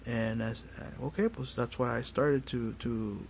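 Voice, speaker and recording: In a radio studio interview, a paranormal investigator appears as a guest and tells a story, animatedly acting out the family's lines. His medium-pitched voice moves at normal speed with vocal fry, and a little hiss or hum can be heard.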